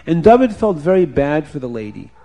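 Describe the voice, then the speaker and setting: A man telling a folk tale aloud in an expressive storytelling manner. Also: on the high side, fairly quick. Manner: expressive, repeats for effect. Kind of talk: animated oral storytelling.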